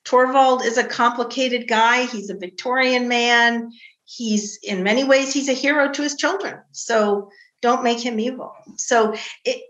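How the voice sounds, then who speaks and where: A middle-aged woman novelist talking casually about writing her book, telling stories about her family with animated quoted voices. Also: a little high, measured pace, reverberant, highs cut off. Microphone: video call.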